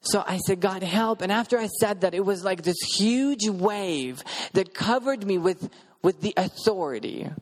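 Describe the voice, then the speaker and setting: A man's voice: sits high, expressive, normal speed, big-room sound. A man preaching a sermon, earnestly telling a personal story in vivid present tense. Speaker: preacher sharing a testimony.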